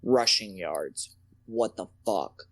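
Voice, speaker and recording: A man's voice: lowish voice, expressive, slow pace, no room sound. A man co-hosting a casual sports podcast, swearing freely and rambling through anecdotes. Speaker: podcast co-host.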